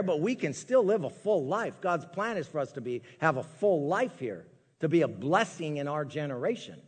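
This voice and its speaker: Animated preacher in a reverberant hall. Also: male voice, a little high. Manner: animated, joking, acts out little scenes. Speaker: pastor. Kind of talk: sermon.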